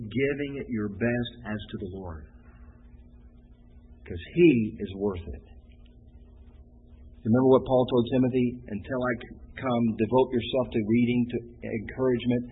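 A man preaching a sermon, animated and lively, acting out the voices of people in his stories. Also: breathy edge. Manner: animated, acts out quoted voices; lively with pitch jumps and sudden loud bursts. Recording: tinny phone-like line.

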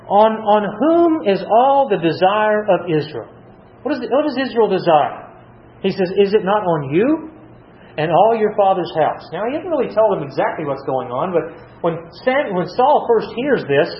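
Earnest high-voiced man teaching scripture. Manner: earnest, repeats words and restarts often. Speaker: preacher. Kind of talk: verse-by-verse Bible teaching. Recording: muffled roomy sound with faint hiss.

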